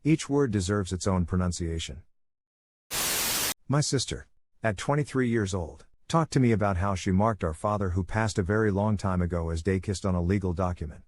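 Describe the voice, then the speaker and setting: Deep voiced guy reading reddit comments, pretty flat delivery. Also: moderate pace, a little hiss or hum. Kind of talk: scripted narration.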